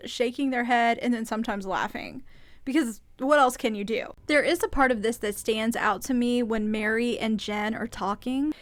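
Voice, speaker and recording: Chatting through a reality show recap on her podcast, a woman offers opinionated, amused commentary. Her pitch is fairly high, and the recording carries no room sound.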